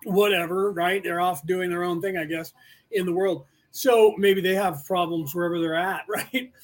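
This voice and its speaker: A man's voice: high-pitched, steady tone, moderate pace. A man in his forties from California, hosting a podcast in a rambling, casual livestream chat, often restarting and correcting himself mid-sentence. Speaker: podcast host.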